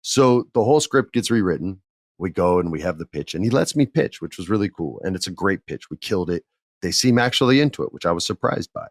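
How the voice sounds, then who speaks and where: Candid man telling a story, low dry voice. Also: quick pace, dry recording. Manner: candid, animated, acts out quotes in others' voices. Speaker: podcast host. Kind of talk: casual storytelling monologue.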